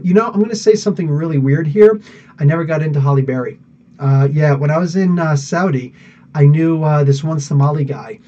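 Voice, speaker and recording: A man's voice: fairly high pitch, normal speed, warm tone, muffled recording. A man hosting a live podcast, rambling casually through viewer comments with lots of fillers and laughs. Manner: rambling, chatty, laughs often, many fillers. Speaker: podcast host.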